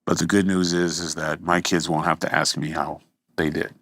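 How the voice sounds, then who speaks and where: A man with a deep, gravelly voice talks frankly and casually, letting a swear word slip now and then. The recording is dry and close. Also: little pitch movement, moderate pace, a bit bright, no echo. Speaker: guest. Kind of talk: candid interview.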